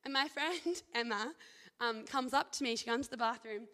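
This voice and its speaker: A young woman with a fairly high voice shares her faith testimony in an earnest, rambling way, full of "like" and "I think". Her words ring out with the long reverb of a hall. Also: moderate pace, sharp tone. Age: young adult. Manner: earnest, chatty, leans heavily on "like" and "I think". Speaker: speaker sharing a faith testimony. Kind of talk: personal testimony and scripture reading.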